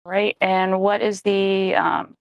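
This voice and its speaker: A woman's voice: mid-range voice, flat delivery, slow pace, smooth, dry recording, dull audio. A woman playing a tabletop game who asks careful rules questions. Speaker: player.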